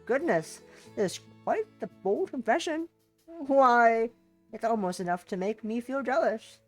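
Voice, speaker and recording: A woman's voice: on the high side, expressive, measured pace, pitched above the performer's own voice. A stuffy, easily offended young man, put on by a woman reading a visual novel, who scolds others in stiff, proper phrasing. The put-on voice has a slightly altered timbre, and faint music plays underneath. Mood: scandalised. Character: prim, disapproving young man.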